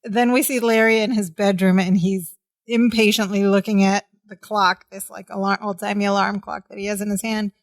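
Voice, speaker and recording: A woman's voice: mid-range voice, flat delivery, moderate pace, dry recording. A woman co-hosting a podcast, retelling sitcom scenes in casual chat and laughing often as she goes. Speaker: podcast co-host.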